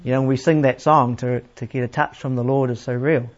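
A man preaching a sermon in a plain, unhurried teaching manner, asking his listeners questions. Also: mid-range voice, fairly even intonation. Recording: slightly dull, lo-fi sound.

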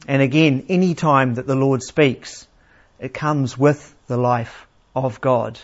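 A man preaching a sermon in a plain, unhurried teaching manner, asking his listeners questions. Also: mid-range voice. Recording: slightly dull, lo-fi sound.

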